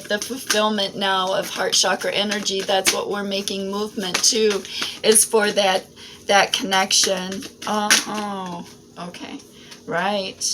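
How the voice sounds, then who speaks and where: A woman giving a casual spiritual tarot reading, rambling and often tagging her thoughts with "right?" and soft fillers. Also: mid-range voice. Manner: rambling, frequent "right?" and "um" asides. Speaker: tarot reader. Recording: noisy home recording.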